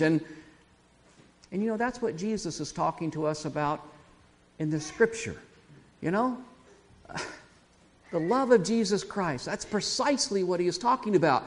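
A man preaching a sermon, telling a story with animated restarts and laughing along with his listeners. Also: sits high, moderate pace, pauses often. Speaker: pastor.

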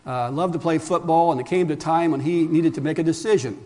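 A man with a notably high voice delivers a sermon as a pastor. He preaches with emphasis, throws rhetorical questions at his listeners and calls them friends. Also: fairly quick, mellow.

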